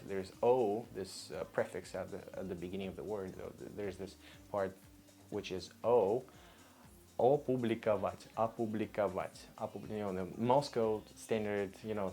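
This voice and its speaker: Low-voiced Russian man teaching vocabulary. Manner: patient, repeats each word several times, relaxed. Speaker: language teacher. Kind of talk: casual vocabulary lesson.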